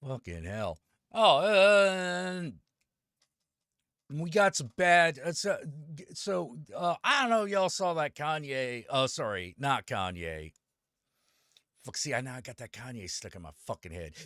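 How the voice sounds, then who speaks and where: Dude streaming, swearing a ton, bright sharp voice, slow talker, dry close sound. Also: male voice, medium pitch, big pitch swings, no echo. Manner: profane, ranting, greets chat by name. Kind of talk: casual live-stream chat.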